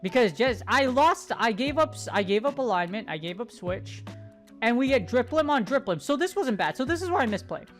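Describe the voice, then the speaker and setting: Woman gaming commentator, higher voice, excitable and jokey, casual swearing, light music bed. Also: fairly quick.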